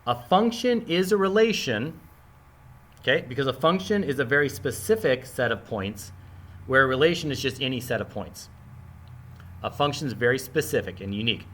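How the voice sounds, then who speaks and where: Man, math teacher, mid-range voice, casual, animated, analogies, camera mic. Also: mid-range voice, normal speed, a little hiss or hum. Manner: animated, casual, talks straight to students. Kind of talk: classroom lesson with analogies.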